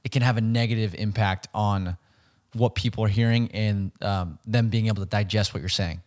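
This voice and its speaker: A man's voice: on the low side, fairly even intonation, normal speed, darkish tone. A man hosting an interview, asking a guest thoughtful questions and affirming his points. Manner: attentive, asks questions, frequent short affirmations. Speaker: interviewer, host. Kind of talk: conversational interview.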